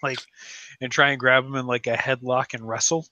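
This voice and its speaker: A man's voice: medium pitch, little pitch movement, a little fast, bright, forceful tone, no echo, lo-fi sound. A man playing a tabletop game, playful and stumbling over his words. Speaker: player. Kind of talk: casual tabletop play.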